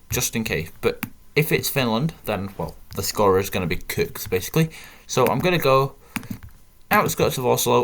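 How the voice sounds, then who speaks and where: A man's voice: mid-range voice, fairly bright tone, a little hiss or hum. A British man giving casual, rambling gameplay commentary with self-mocking jokes. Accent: British English. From Britain. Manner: chatty, rambling, self-mocking, jokey asides. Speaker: gaming channel host.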